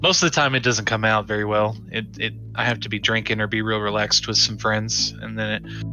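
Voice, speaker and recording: A man with a Southern American accent talks in a relaxed, rambling way, his tone bright and forceful. Faint music plays behind him. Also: fairly low pitch, brisk. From Southern United States. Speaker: player. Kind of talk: casual chat between game sessions.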